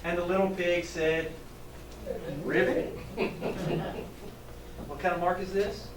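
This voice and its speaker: Guy reading a picture book to kids and asking questions, far from the mic, soft room noise. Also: high voice, brisk. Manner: animated, asks questions, chuckles. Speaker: teacher trainer reading aloud. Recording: echoey room, distant mic, faint ambience.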